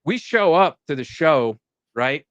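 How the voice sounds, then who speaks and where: A man hosting a podcast in casual chat, telling an animated story and swearing freely. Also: a little high, unhurried, no echo, highs cut off. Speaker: podcast host.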